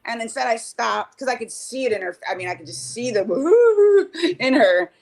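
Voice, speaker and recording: A woman's voice: a little high, brisk, vocal fry. A woman chatting casually on a live stream call, rambling with many restarts and acting out quotes. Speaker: mother discussing cardology. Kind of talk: casual chat. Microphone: remote call.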